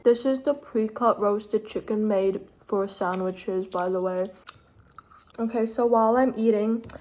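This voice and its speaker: Young female vlogger, slightly high, chatty and tired, casual kitchen narration. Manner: chatty, talks to viewers while cooking and eating. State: sleep deprived, slurring slightly. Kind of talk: casual cooking vlog narration.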